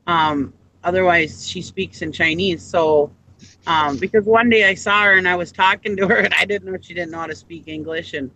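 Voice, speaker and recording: A man's voice: high-pitched, normal speed, pushed and bright, low-quality recording. A man co-hosting a casual live chat show, rambling with lots of ums and restarts. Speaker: co-host.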